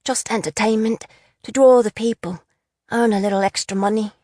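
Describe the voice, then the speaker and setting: A woman's voice: mid-range voice, fairly even intonation, normal speed, mellow, no room sound, clean studio sound, pitched above the performer's own voice, natural voice. A woman voicing a nervous, apologetic young male mine worker who tells fortunes, in a storybook reading. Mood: nervous pleading. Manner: pleading and apologetic.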